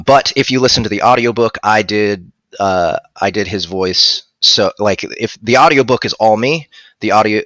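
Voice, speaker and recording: A man's voice: low-pitched, a bit bright, no room sound. A man chatting casually on a livestream about narrating audiobooks, rambling with restarts and fillers.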